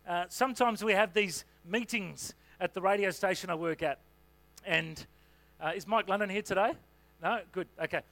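A man's voice: high-pitched, pushed and bright, no echo. A man preaching a sermon in a conversational, humorous way, with asides and fillers. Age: adult parent.

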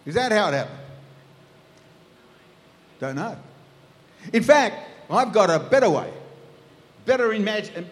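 High-voiced preacher in a hall. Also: male voice. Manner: storytelling, acts out scenes in voices. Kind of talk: sermon. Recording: echoey hall.

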